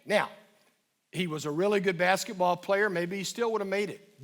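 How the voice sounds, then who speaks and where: A middle-aged man with a fairly high voice gives a parenting talk to a live audience in a church hall. He talks emphatically, slowing down to stress and repeat key phrases. He asks the audience questions as he goes. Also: sharp tone. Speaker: guest speaker on parenting.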